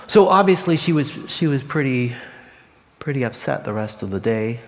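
A man telling a story in a sermon, expressive and often dropping to a hushed voice. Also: mid-range voice, unhurried, long reverb tail.

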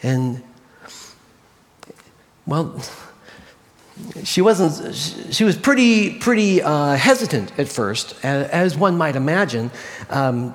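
A man telling a story in a sermon, expressive and often dropping to a hushed voice. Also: on the high side, in a large hall.

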